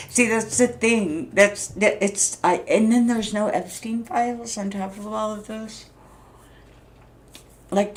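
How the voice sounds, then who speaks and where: A woman around sixty talking casually to her camera, blunt and frustrated, swearing freely and laughing at herself. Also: medium pitch. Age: 60s. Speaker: vlogger. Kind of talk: casual rambling monologue.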